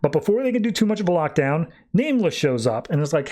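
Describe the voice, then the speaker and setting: A man's voice: a little high, big pitch swings, fast talker, darkish tone. A man hosting a podcast, casually recapping a comic book story and loosely paraphrasing the characters' dialogue with plenty of filler words. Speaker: podcast host.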